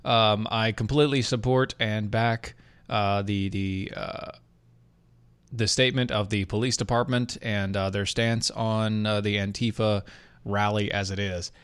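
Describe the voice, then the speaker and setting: A man's voice: fairly low pitch, little pitch movement, measured pace, a bit bright, smooth, no room sound. A man co-hosting a casual podcast, rambling with restarts and sarcastic asides, reading an ad in between. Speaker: podcast co-host. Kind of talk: casual chat with ad read.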